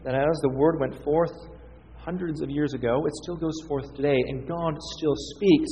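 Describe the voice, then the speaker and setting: A man's voice: a little high, steady tone, normal speed, dark tone, slight background noise. A man preaching a teaching sermon, reading scripture aloud with emphasis. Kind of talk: expository sermon. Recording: dull, reverberant hall sound.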